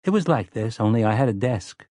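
A man voicing a thoughtful, guarded boy on a quest who speaks quietly and matter-of-factly. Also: mid-range voice, expressive, a little fast, no echo, clean studio sound, natural voice.

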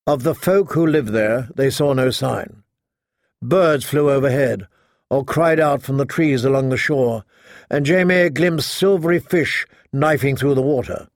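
A man with a mid-range voice narrates a fantasy audiobook in a measured, steady storytelling style. The studio recording is clean, with no echo.

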